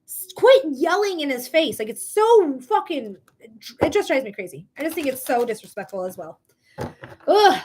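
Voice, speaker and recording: A woman's voice: high-pitched, big pitch swings, moderate pace, a little hiss or hum. A woman hosting a live psychic reading stream, chatting casually in a blunt, profane way with frequent laughs. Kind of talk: casual livestream chat.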